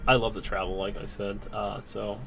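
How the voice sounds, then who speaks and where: A man's voice: fairly low pitch, flat delivery, moderate pace, creaky, fairly bright tone, faint music behind. Friendly man hosting a chatty stream. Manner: friendly, laughs often, repeats himself. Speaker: livestream host. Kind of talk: casual livestream chat.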